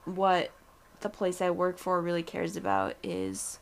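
A woman's voice: on the low side, very animated, a little slow. A young woman co-hosting a podcast, talking things through with hedges and the odd blunt remark. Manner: thoughtful, hedging, blunt at times. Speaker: podcast co-host. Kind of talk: casual chat.

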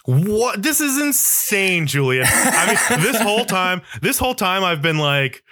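A man co-hosting a podcast in casual chat, argumentative and quick to laugh. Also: high voice, very animated, sharp tone. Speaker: podcast co-host.

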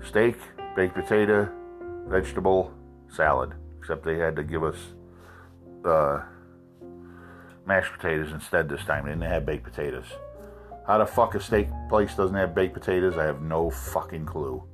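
A man's voice: low-pitched, moderate pace, faint music behind. A man telling a story about bad restaurant service as a blunt, profanity-filled complaint, exasperated throughout.

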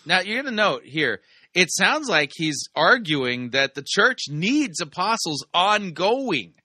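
A man with a slightly higher, strikingly bright voice comments on sermon clips in a casual way. He explains the Greek text and drops sarcastic asides. The sound is dry and close. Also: very animated, slow pace, no room sound. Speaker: sermon reviewer host.

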